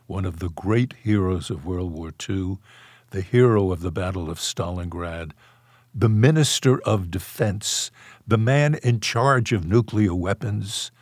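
Older man telling stories, low voice. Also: a little slow, dry recording, studio quality. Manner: anecdotal, wry, chuckles while recalling. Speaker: author and interview guest. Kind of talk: storytelling in a podcast interview.

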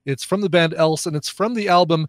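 Relaxed, rambling male podcast co-host. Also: on the high side, fairly quick, no echo, clean studio sound. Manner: relaxed, rambling, lots of ums and laughs. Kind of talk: casual chat.

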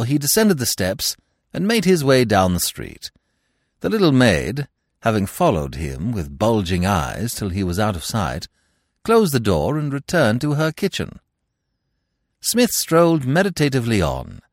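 A man narrating a classic comic novel in a wry, expressive manner, recorded on a close microphone. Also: fairly low pitch, a little slow, no room sound.

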